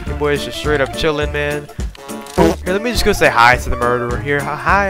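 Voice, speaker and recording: Young male gaming YouTuber, tired and jokey, fairly high and lively, faint music bed. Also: normal speed. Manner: animated, jokey, mock-dramatic voices. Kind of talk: casual gameplay commentary.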